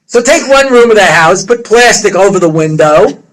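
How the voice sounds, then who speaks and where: A man's voice: sits high, expressive, normal speed, a bit bright, rough recording. A middle-aged man, a rabbi, giving a humorous lecture full of stories, jokes and conversational asides.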